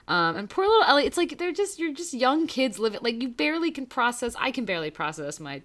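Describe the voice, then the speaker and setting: Bright-voiced woman recapping, rambling and emotional. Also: fairly high pitch, very animated, fast talker. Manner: emotional, rambling, swears freely. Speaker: podcast co-host. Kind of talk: casual recap chat.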